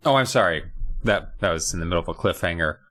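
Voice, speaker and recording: This is a man co-hosting a podcast in casual, comedic banter. He riffs on the plot, swears freely and pokes holes in the story's logic. His pitch rises and falls a lot. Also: animated, quick pace, a bit bright. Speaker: podcast co-host. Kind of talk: casual comedic recap of a kids' book.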